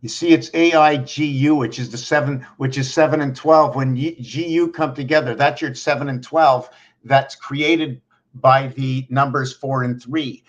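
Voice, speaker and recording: A man vlogging from home, talking in a meandering monologue full of pauses and restarts. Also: mid-range voice, steady tone. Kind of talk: rambling monologue to camera. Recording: dull lo-fi recording.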